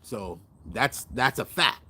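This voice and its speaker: A man's voice: medium pitch, animated, slow pace, sharp tone, slightly rough. A middle-aged man hosting a cooking channel, chatting casually to viewers in a rambling, self-correcting way and animating his stories.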